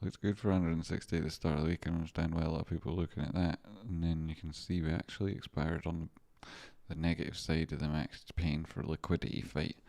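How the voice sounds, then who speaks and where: Deep-voiced rambling livestream trader man. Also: flat delivery, fast talker, hardly any pauses, dark tone. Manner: rambling, swearing, laughs often. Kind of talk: casual livestream commentary.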